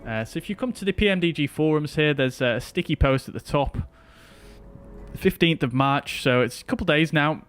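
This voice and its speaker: A man's voice: a little high, lively intonation, moderate pace, fairly bright tone, smooth, soft background music. A man streaming a flight simulator, chatting casually with his viewers as he flies. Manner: chatty, talks to chat while flying. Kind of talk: casual live-stream commentary.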